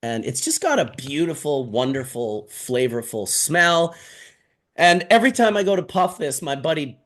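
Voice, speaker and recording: A man hosting a casual live stream chat from his office, loud, joking and swearing as he tells stories. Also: fairly high pitch, expressive, normal speed. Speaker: host.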